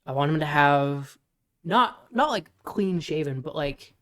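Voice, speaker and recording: A podcast co-host talking casually, rambling and restarting while pitching story ideas. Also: animated, measured pace, fairly bright tone. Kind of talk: casual brainstorming chat.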